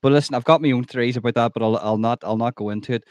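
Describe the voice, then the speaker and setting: A man's voice: medium pitch, racing, no echo. Emphatic male podcast host, dry close sound. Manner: emphatic and opinionated, repeats himself when stressing a point. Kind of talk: conversational interview.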